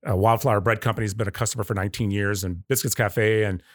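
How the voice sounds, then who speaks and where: A man in his fifties, talking in a lowish voice on a casual interview. He tells his stories with energy and slips into the voices of the people he quotes. The sound is dry and close. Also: quick pace, no echo. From Arizona. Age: 50s. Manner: animated storyteller who acts out quoted voices. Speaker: guest, coffee company owner.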